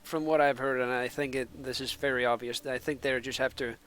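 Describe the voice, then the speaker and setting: A man's voice: medium pitch, fairly even intonation, a little fast, fairly bright tone. A man from Finland, a native Finnish speaker with American-sounding English, rambling in casual stream chatter as an esports caster between matches and laughing at himself.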